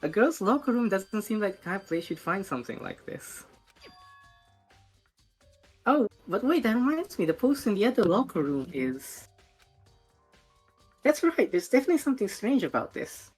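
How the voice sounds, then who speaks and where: A woman's voice: mid-range voice, sing-song, normal speed, pauses often, husky, faint music behind. A woman reading a teenage boy detective's game lines aloud in an earnest, polite way.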